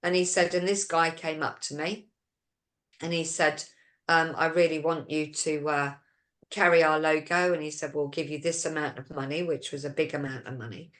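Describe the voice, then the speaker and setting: A woman's voice: deep voice, fairly even intonation, moderate pace. A woman, hosting a casual chat show, telling a long anecdote full of quoted dialogue. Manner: storytelling, retelling quoted dialogue; reads listener questions aloud. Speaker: host.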